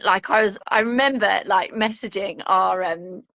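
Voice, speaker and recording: A woman, a mother telling her story in a lively, animated way and acting out her own inner voice. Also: medium pitch, moderate pace, dry recording, low-quality recording. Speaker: guest, a mother. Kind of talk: casual conversational chat.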